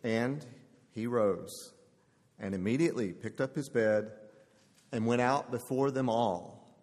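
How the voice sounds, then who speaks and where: A man reading scripture aloud in church in a slow, measured way. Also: medium pitch, a little mellow. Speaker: scripture reader. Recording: long hall reverb.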